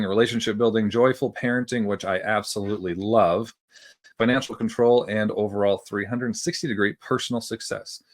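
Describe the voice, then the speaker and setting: A man hosting a podcast interview, talking in an upbeat, enthusiastic way and making a self-mocking aside. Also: on the low side. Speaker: podcast host.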